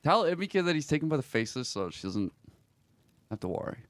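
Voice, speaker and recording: A man streaming a roleplay game, reading in-game messages aloud slowly and reacting to them in a quiet, reflective way, with sighs between lines. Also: on the high side, very animated, dry recording.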